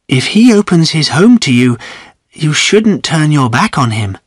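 A man voicing a gentle, kindly middle-aged lady in a storybook, speaking softly and warmly. The reading is slow and close. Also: fairly high pitch, big pitch swings, slightly rough, no echo, pitched above the performer's own voice, heavily acted. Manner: gentle, kind.

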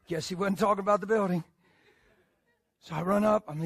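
A male preacher delivering a sermon as a story. His voice sits fairly high, and he swings from loud, emphatic bursts to quiet asides. The sound is dry and close, with little room around it. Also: moderate pace, long pauses, husky, dry recording.

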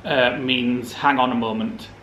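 Dry-witted man, mid pitch. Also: fairly even intonation, unhurried, fairly bright tone. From West Yorkshire. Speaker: vlog co-host. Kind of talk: casual chat. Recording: echoey room with faint noise.

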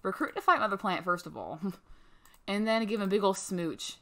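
A woman's voice: mid-range voice, big pitch swings, moderate pace, pushed and bright. A young woman casually commenting on her life-sim game, chatty and playful, putting words in her characters' mouths. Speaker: gaming channel host. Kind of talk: casual let's-play commentary.

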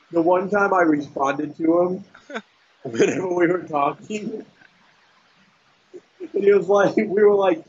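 A young man chatting casually with a friend, often breaking into laughter and swearing as he mimics someone. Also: high-pitched. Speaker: storyteller among friends. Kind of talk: casual chat. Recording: dull lo-fi audio.

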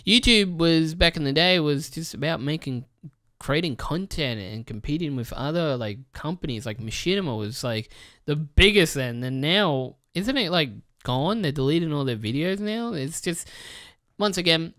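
A man's voice: a little high, lively intonation, moderate pace, bright, forceful tone, no echo, studio quality. A man hosting a gaming channel, rambling through a profane casual rant to the camera with many restarts. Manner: mocks others with put-on quoted voices.

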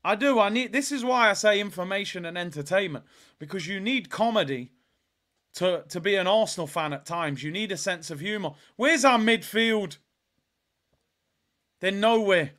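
A young man hosting a live football watch-along, reacting with frustration and shouting at the players. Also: sits high, animated, moderate pace. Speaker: fan watch-along host.

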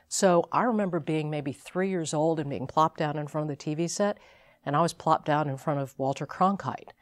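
Deep-voiced woman TV journalist. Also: normal speed. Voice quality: big deep broadcaster voice. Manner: reflective, anecdotal. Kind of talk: interview storytelling.

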